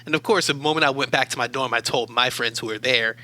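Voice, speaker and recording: Very bright-voiced calm man. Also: medium pitch, poor audio. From Baltimore, USA. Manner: measured, thoughtful, calm. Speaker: guest, academic adviser. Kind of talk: reflective interview storytelling.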